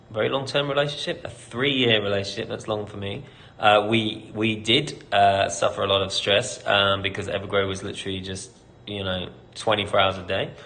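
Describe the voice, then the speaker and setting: A man's voice: on the low side, fairly bright tone. A British man, a company CEO, hosting a casual live Q&A, reading out questions and answering candidly with lots of ums and light laughter.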